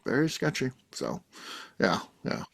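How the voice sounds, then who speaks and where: A middle-aged man hosting a podcast, telling a rambling story in casual chat, animated and swearing freely. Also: mid-range voice, a little slow, vocal fry, slightly rough. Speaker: podcast host.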